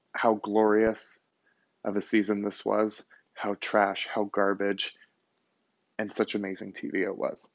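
A man with a fairly low voice hosts a solo podcast, talking casually and animatedly, quick to curse and to lean hard on his words. The recording is dry and a little dull. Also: no echo. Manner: animated, blunt and profane, swings between fast bursts and slow emphasis. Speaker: podcast host.

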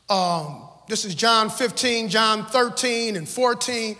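A man's voice: extremely high pitch, measured pace, few pauses, sharp tone, long reverb tail. A man in his forties preaching a sermon to his congregation, calling out for responses and repeating key phrases in a rhythmic build. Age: 40s. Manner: call-and-response exhortation with rhythmic repetition. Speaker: pastor. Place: church sanctuary.

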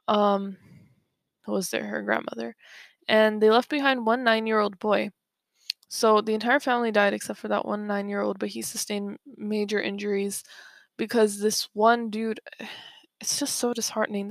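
A woman's voice: mid-range voice, vocal fry, no room sound, studio quality. A young woman hosting a podcast, telling a story in a chatty way with lots of fillers and restarts, and getting worked up. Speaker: podcast host. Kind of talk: casual storytelling monologue.

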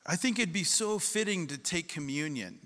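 Pastor preaching with bright, ringing tone. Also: male voice, a little high, lively intonation, moderate pace. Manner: storytelling, rising to emphatic repetition. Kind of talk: sermon. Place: church hall. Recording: long hall reverb.

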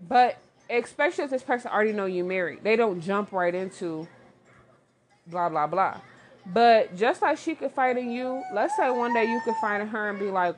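A woman, giving blunt, animated relationship advice in casual commentary, talking straight to the listener. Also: medium pitch, normal speed, background noise.

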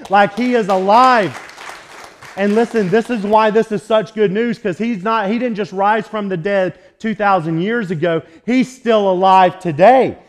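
A man pastor preaching a relaxed, joking sermon in a church sanctuary, telling stories between scripture readings. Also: sits high, a little slow, a faint crowd. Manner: casual, conversational, joking storyteller.

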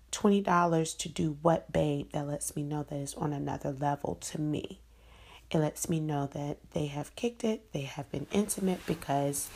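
A woman's voice: deep voice, a little mellow. A woman hosting a podcast, casually retelling a text exchange and reading the messages aloud with her own asides. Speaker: podcast host. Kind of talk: casual storytelling commentary.

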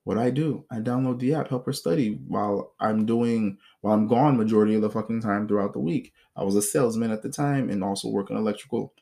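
A man's voice: on the low side, quick pace, gravelly, hardly any pauses. A man casually telling a personal story about past relationships in a blunt, profane way, acting out what others said. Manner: blunt and profane, animated when mimicking others. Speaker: self-help vlogger.

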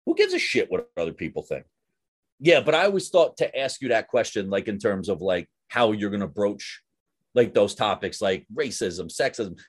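A young adult man hosts a podcast, chatting casually in a fairly low, husky voice at a moderate pace. He's animated, swears freely, and keeps saying "dude" and "like."

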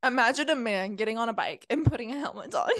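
Young woman ranting bluntly, high voice. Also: expressive, fast talker, fairly bright tone, no room sound. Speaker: podcast co-host. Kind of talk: casual chat.

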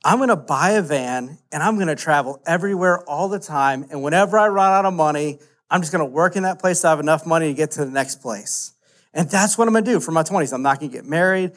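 A man, preaching a casual, animated story-driven sermon full of "like" fillers. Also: a little high, quick pace. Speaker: pastor.

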